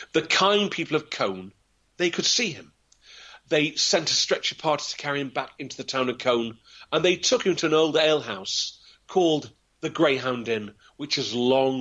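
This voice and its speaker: A man's voice: mid-range voice, a bit bright. A man telling a historical tale in a dramatic, theatrical way, acting out the voices. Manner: theatrical, vivid, acts out voices. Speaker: local historian storyteller. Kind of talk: dramatic storytelling.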